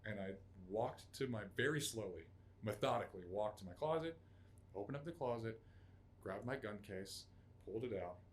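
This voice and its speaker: Interview guest: man, 30s, lowish voice, profane raw storytelling, faint room noise behind. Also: lively intonation, moderate pace. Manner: raw, profane, acts out quotes in loud outbursts. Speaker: podcast guest, Army veteran.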